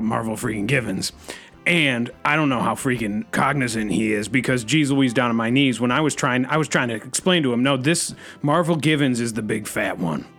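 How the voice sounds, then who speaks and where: Male comedy host, gravelly, anxious rambler. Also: mid-range voice, fairly bright tone. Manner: anxious, rambling, says freaking constantly. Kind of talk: improvised comedy bit.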